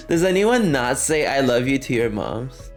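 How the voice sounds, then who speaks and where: A man's voice: medium pitch, very animated, measured pace, faint music behind. A man livestreaming, chatting casually with his viewers and laughing often as he reacts to chat.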